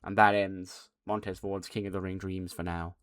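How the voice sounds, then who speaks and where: A man's voice: low voice, level tone, normal speed, a bit bright, dry recording, studio quality. A man casually narrating a game playthrough, swearing as he recaps events. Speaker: game channel host.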